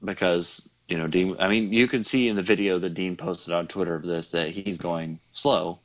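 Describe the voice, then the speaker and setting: Low-voiced man telling a rambling race story. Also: steady tone, moderate pace, dull audio. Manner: rambling, laughs often, many fillers and restarts. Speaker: host. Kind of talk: casual chat recounting a race.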